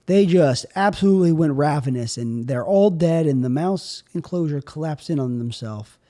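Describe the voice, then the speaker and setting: A young man hosting a solo podcast, riffing on absurd bits in a rambling, offhand way. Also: normal speed. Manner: absurd deadpan riffing, drifting in pitch and loudness. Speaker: podcast host.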